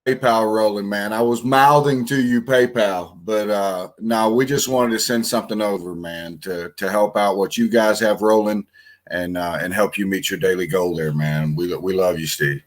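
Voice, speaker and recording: A man's voice: lowish voice, fairly even intonation, normal speed. A man calling in as a guest on a casual podcast, laid-back and friendly, often saying "man" and "brother". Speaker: guest caller and donor. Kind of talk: casual chat.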